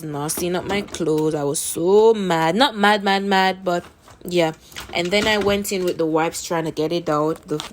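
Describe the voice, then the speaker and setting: A woman with a Jamaican accent chats her way through a makeup tutorial recorded on a phone. Her voice sits a little low. She talks casually and leans on repeated words to stress each step. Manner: chatty, repeats words for emphasis. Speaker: makeup vlogger. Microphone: phone camera.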